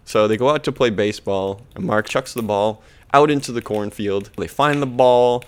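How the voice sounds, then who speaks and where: A man's voice: lowish voice, normal speed, clear, resonant tone. A man hosting a podcast, casually recapping an episode in a rambling, jokey way. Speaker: podcast host.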